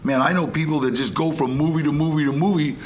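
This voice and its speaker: A man's voice: a little high, fast talker, a little hiss or hum. An older man, a guest on a talk show, telling rambling stories in a casual way and acting out other people's lines. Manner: rambling, animated, acts out quotes. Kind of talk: casual storytelling.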